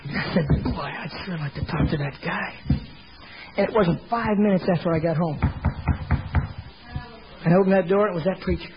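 A middle-aged man with a notably high voice shares his conversion testimony with a congregation, folksy and conversational. He slips into other people's voices as he retells scenes. The recording is muffled and lo-fi, with a faint hiss underneath. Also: brisk, pauses often. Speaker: former door-to-door salesman giving testimony. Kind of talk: personal testimony told to a congregation.

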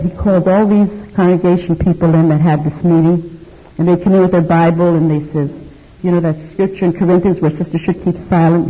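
An older woman giving a personal testimony to an audience, animated and acting out the dialogue she recalls. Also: lowish voice, husky. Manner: animated storytelling, acts out quoted dialogue. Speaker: speaker telling her life story to an audience. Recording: dull lo-fi recording.

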